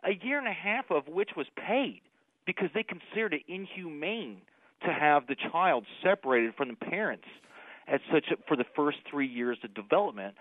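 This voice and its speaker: A man's voice: a little high, no echo. A man in his thirties calling in to a radio show, talking in a rambling way full of fillers and restarts. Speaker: caller. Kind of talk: rambling phone-in call. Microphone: telephone. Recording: tinny phone line, dry.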